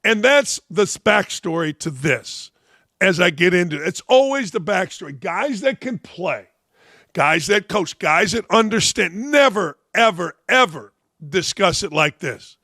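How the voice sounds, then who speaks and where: A man's voice: sits high, expressive, measured pace, pushed and bright, dry recording, studio quality. A man in his sixties from Northwest Indiana hosting a sports commentary show, blunt, combative and profane, a little under the weather. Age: 60s. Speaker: host.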